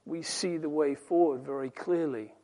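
Quoting scripture slowly and with deliberation, a man with a fairly high pitch preaches a sermon. Quiet, dropped phrases give way to loud, emphatic lines that climb.

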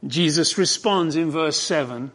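High-voiced fervent male preacher. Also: unhurried. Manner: fervent, emphatic, swings from hushed to ringing. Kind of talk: expository sermon.

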